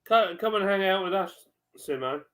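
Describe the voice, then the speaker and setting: Lively chatty man. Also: high voice, moderate pace. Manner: chatty, animated banter. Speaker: live-stream host. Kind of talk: casual pub-style live-stream chat.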